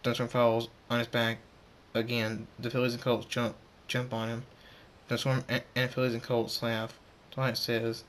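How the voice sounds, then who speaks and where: A man's voice: medium pitch, completely flat delivery, normal speed, a bit bright, slight background noise. Man stumbling through a story reading. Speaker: narrator. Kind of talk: reading fan fiction aloud.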